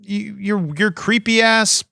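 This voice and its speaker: A man's voice: sits high, slow pace, gravelly, pushed and bright, no echo, clean studio sound. Brash, cussing male podcast host. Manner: brash, profane and exasperated. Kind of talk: comedy podcast banter.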